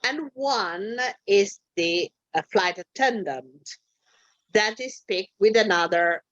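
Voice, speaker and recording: Woman, English teacher, slow halting delivery, many fillers, dull lo-fi sound. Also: medium pitch, animated, no room sound. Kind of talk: online English lesson.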